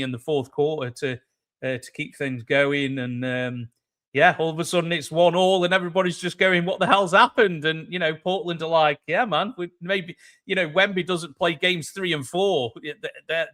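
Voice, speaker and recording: A man's voice: fairly high pitch, a bit bright. A man hosting a sports podcast, chatting casually and animatedly, often calling his guest "mate" and "man". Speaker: podcast host.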